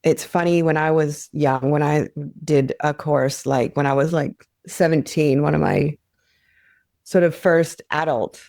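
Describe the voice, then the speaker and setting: Woman guest, low pitch, mellow tone, dry close sound, earnest candid sharing. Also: fairly even intonation, measured pace, gravelly, no room sound. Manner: earnest, with frequent fillers and restarts.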